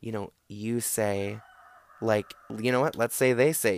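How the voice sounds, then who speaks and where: A man's voice: mid-range voice, fairly even intonation, slow, clear, resonant tone, no room sound. A man hosting a casual solo talk show, giving advice in a rambling, sarcastic way with lots of fillers and restarts. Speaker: podcast host.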